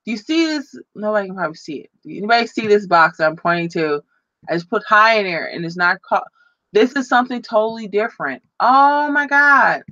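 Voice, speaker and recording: A woman's voice: mid-range voice, expressive, brisk, sharp tone, dry recording, highs cut off. A woman chatting on a live stream in a rambling, flustered way, often laughing at herself. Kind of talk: casual live-stream chat. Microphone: computer microphone.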